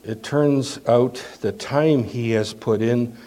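A man preaching a sermon as pastor, asking the congregation rhetorical questions and swinging between emphatic lines and hushed asides. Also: medium pitch, takes it slowly.

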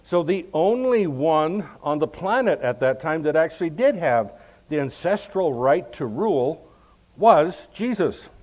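A man giving verse-by-verse Bible teaching, explaining each passage in a measured way and stressing key words. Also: a little high, big pitch swings, darkish tone.

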